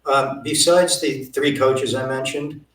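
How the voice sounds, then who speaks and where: A man's voice: mid-range voice, steady tone, unhurried, fairly bright tone, roomy sound, distant mic, rough recording. A man telling stories as an interview guest, acting out the dialogue he quotes. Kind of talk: storytelling interview.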